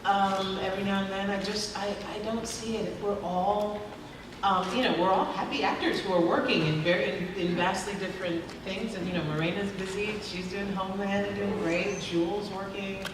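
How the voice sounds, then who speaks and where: A woman speaks as a guest on a convention panel, laughing often and filling pauses as she goes. Her voice comes from far off through a hall with heavy echo and a long reverb. Steady background noise sits under her. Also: medium pitch. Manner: chatty, laughs often, many fillers. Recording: echoey hall from far off, noisy.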